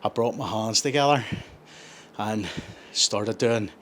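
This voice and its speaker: A man's voice: fairly low pitch, slow, fairly bright tone, a little hiss or hum. A man, chatting casually between sets in a gym and rambling through his explanations with plenty of self-corrections. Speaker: gym vlogger.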